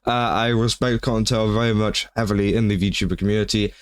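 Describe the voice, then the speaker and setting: A man giving casual reaction commentary on a clip, relaxed and filler-heavy, slipping in "bro" and "uh" as he talks. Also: lowish voice, fairly quick, smooth, no echo, studio quality. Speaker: commentary YouTuber.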